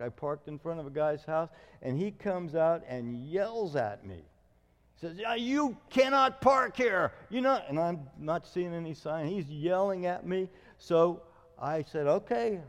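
A middle-aged man preaching a sermon as a pastor, telling stories with lively acted-out quotes. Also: fairly high pitch, long reverb tail. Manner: storytelling, animated retelling with acted quotes.

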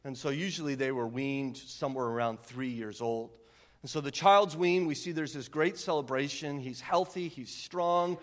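A middle-aged man preaching a sermon as a pastor, animated and fond of rhetorical tag questions. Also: mid-range voice, normal speed. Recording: long hall reverb.

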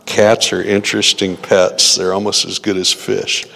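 Guy pastor, slow sermon, praying, echoey church hall. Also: sits low, flat delivery, creaky, sharp tone. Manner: slow, deliberate preaching with prayer.

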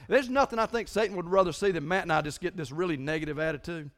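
A middle-aged man preaching a sermon to his congregation as their pastor, earnest and confessional, urging a quiet crowd to wake up. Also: high voice, quick pace, few pauses. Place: church sanctuary.

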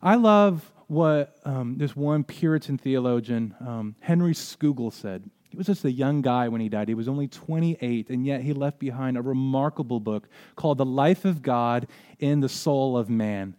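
A man preaching a sermon as pastor, earnest, often repeating words and rising in pitch and volume when he stresses a point, then closing in prayer. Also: moderate pace, a little mellow.

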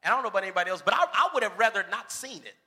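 High-voiced animated preacher in echoing hall. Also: male voice, rapid-fire. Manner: animated, acts out bible characters, shouts for emphasis. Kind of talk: lively sermon. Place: church sanctuary. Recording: reverberant church hall.

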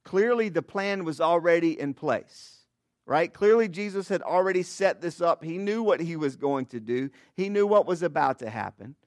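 A man's voice: a little high, expressive, normal speed, dry recording, clean studio sound. A man, a pastor, giving a sermon in a conversational way with frequent "all right?" and "okay?" asides, and praying earnestly. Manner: earnest prayer.

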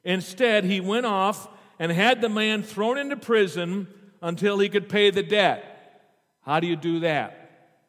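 A man's voice: high-pitched, measured pace, a bit bright. A man preaching a sermon. He reads scripture aloud, stops often to explain it and puts questions to the congregation. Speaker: pastor. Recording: long hall reverb.

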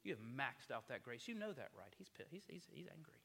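A man's voice: mid-range voice, sing-song, brisk, gravelly, pushed and bright, a little hiss or hum, exaggerated voice. A man voicing a sly male serpent who needles with accusing questions, heard in a reverberant hall. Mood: scornful.

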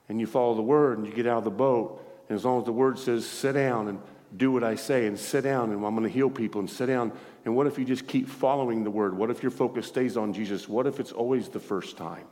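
Animated preacher in a reverberant hall. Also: male voice, mid-range voice, moderate pace. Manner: animated, acts out dialogue, laughs often. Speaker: pastor. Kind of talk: sermon storytelling. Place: church.

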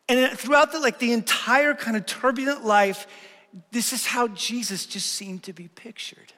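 A middle-aged male pastor with a rather high voice preaches in earnest, swinging between loud, lively stretches and quiet, hushed moments. His voice rings out with a long reverb from the sanctuary around him. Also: moderate pace. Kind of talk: sermon.

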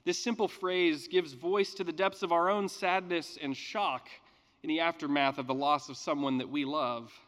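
A man reading scripture and preaching a sermon in a measured, earnest way with emphatic pauses. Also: a little high, fairly even intonation, fairly bright tone, long reverb tail. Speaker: pastor.

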